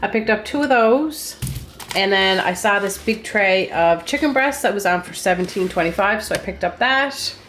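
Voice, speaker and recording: A woman's voice: mid-range voice, animated, normal speed, a bit bright, a little hiss or hum. A woman in her thirties from Eastern Canada, a stay-at-home mom chatting casually through her day while stuffed up from a cold, with lots of ums. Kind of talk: casual vlog chat.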